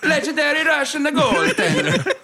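A man co-hosts a casual podcast, teasing his friends and laughing a lot. His pitch moves around in a lively way. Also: normal speed, a little hiss or hum. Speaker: podcast co-host. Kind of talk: casual banter among friends.

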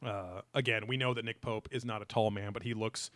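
A man's voice: fairly low pitch, fairly even intonation, brisk, a bit bright, no echo. Rambling man in casual chat. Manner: rambling, loose, frequent fillers and swearing. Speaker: podcast co-host.

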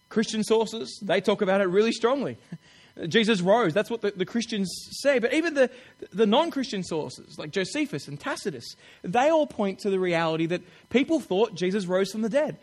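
Chatty man preaching, high voice. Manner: chatty, animated, acts out quotes with laughs. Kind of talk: sermon.

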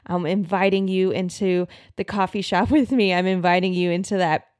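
A woman's voice: on the low side, fairly even intonation, moderate pace, a little mellow, clear, resonant tone, no room sound, clean studio sound. A woman hosting her own podcast as a health practitioner, speaking earnestly and heartfelt, often restarting and repeating words. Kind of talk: heartfelt solo podcast talk.

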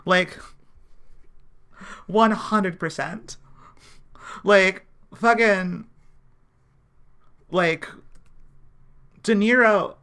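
Bright-voiced enthusiastic podcast co-host. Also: mid-range voice, drawn-out words, long pauses, clean tone. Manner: enthusiastic, emphatic asides. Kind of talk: casual episode recap chat.

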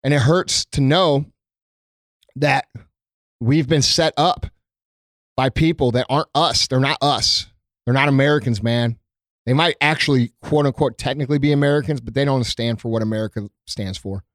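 A man's voice: medium pitch, moderate pace, dry recording, studio quality. A man, a small business owner, speaking to his followers in an unscripted, heartfelt monologue. He is earnest and emotional, swears freely and often stumbles with ums and restarts. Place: his company premises, indoors.

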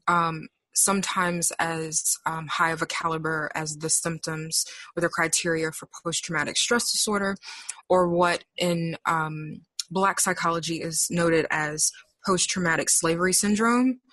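Low-voiced woman therapist explaining calmly. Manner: measured, explanatory, frequent pauses. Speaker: therapist, interview guest. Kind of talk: professional conversation.

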